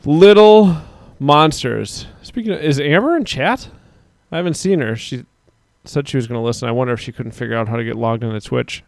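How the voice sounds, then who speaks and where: A man's voice: medium pitch, animated, fairly quick, vocal fry, dry recording. Rambling man in casual chat, dry sound. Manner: rambling, laughs often, swears casually. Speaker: podcast co-host.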